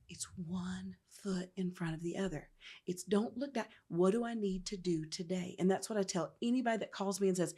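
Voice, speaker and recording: A woman's voice: fairly low pitch, brisk, breathy edge. A middle-aged woman, a nonprofit founder telling her story in an interview with emphatic energy. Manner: animated, acts out quotes, emphatic.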